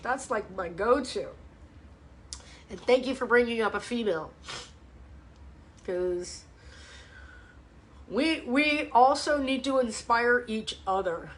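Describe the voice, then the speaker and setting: A woman fitness coach rants bluntly to her live viewers. Her voice is high, bright and forceful. She swears freely and talks in a casual, animated way. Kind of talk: live ask-me-anything chat. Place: home, livestream. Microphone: webcam or phone mic.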